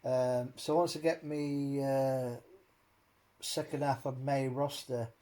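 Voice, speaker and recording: A man's voice: medium pitch, flat delivery, slow pace, mellow. A man hosting a casual chat, rambling and swearing as he rants with many fillers. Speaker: host.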